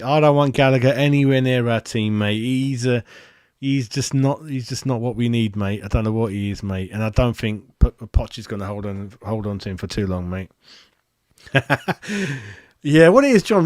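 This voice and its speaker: A man hosting a live fan reaction chat, excitable and matey, greeting viewers by name. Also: medium pitch, no room sound, clean studio sound. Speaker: fan channel host.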